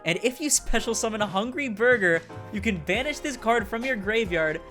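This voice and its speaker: A man's voice: high voice, expressive, bright, forceful tone. A man reviewing a card game deck in casual, rambling talk, speaking with a sick voice. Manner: fast, rambling, with fillers and swearing. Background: faint background music.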